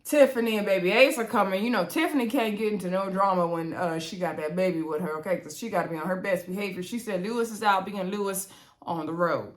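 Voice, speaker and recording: A woman's voice: medium pitch, fast. A woman casually recapping a reality show, chatty and laughing, acting out the cast members' lines in quoted voices.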